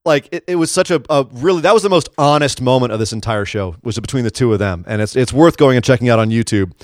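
A man's voice: mid-range voice, quick pace, no echo, studio quality. A man co-hosting a podcast, chatting casually and animatedly about wrestling and acting out lines in voices. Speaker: podcast co-host.

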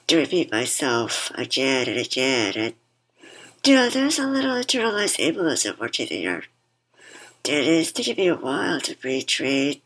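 A woman's voice: extremely low pitch, fairly bright tone, slightly rough, poor audio. A woman guest speaking through a worn mask, thoughtful and reflective, sometimes repeating words. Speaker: podcast guest. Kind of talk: reflective conversation.

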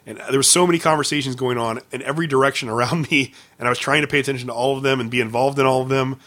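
A man's voice: medium pitch, steady tone, racing, a bit bright. A man co-hosting a podcast, casually telling funny anecdotes and laughing often. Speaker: podcast co-host. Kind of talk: casual chat, storytelling.

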